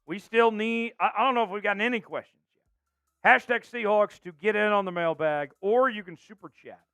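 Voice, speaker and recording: Energetic man hosting a live sports show. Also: sits high, normal speed, smooth, no echo. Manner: energetic, reads viewer names from chat. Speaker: show host.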